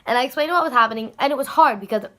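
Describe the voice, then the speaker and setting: Bright-voiced teen girl vlogger. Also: high-pitched, rapid-fire. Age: teens. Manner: rambling, animated retelling with many "I'm like" quotes. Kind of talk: casual storytelling chat.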